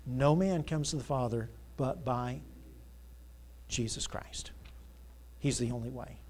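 A male pastor preaching a Sunday sermon, asking the congregation to fill in words and building to loud, emphatic passages. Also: mid-range voice, takes it slowly. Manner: call-and-response questions, rising to loud emphatic preaching. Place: church sanctuary. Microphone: church sound system mic.

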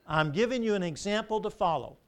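Man voicing a hushed matter-of-fact swimmer, detached, lower and softer, sermon story. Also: lively intonation, brisk. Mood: calm. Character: calm man teaching by example, detached.

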